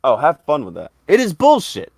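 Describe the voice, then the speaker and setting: A man's voice: fairly high pitch, huge pitch swings, a little fast, darkish tone, no echo, studio quality. A man hosting a casual commentary chat, blunt, profane and exasperated. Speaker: host.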